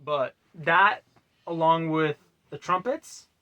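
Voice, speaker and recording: A man casually explaining how he made his own song, rambling loosely with many fillers and quiet trailing asides. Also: fairly high pitch, slow. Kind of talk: casual music breakdown.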